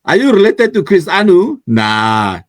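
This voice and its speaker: A man's voice: high voice, sing-song, a little slow, no room sound. A man with a Cameroonian accent mixing English and Pidgin, hosting a casual live stream and teasing his way through viewers' comments. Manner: chatty and teasing, laughs often, reads viewer comments aloud. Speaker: online news show host.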